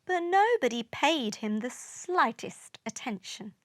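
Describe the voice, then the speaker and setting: A woman reads a rhyming children's storybook aloud in an expressive, sing-song manner. Her voice is high and very lively, and she takes her time. The sound is close and dry. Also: slow, no room sound. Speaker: narrator. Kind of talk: storybook read-aloud in rhyme.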